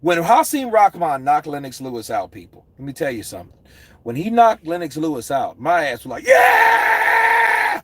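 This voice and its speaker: A man ranting about boxing as a commentator, animated and profane. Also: on the high side, a little fast, a little hiss or hum. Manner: animated, profane, slips into impressions. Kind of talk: casual profane rant.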